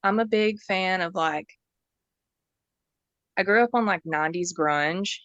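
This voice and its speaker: A woman talks in a bubbly, chatty way as a podcast guest. Her voice is smooth and clear, recorded close and dry. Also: fairly low pitch, unhurried, a bit bright, no echo, highs cut off. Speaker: band member, guest. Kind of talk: casual podcast interview.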